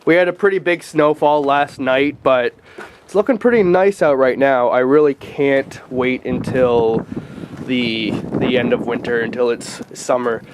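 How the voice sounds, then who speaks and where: A man's voice: medium pitch, measured pace, slight background noise. A man talking to the camera in a casual vlog, earnest and reflective in a chatty way. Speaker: vlogger.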